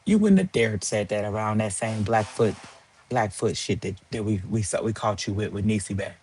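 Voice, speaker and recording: Husky man ranting on a livestream. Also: on the low side, level tone, moderate pace, darkish tone. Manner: heated, profane, sarcastic ranting. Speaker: livestream host. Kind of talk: ranting live stream monologue.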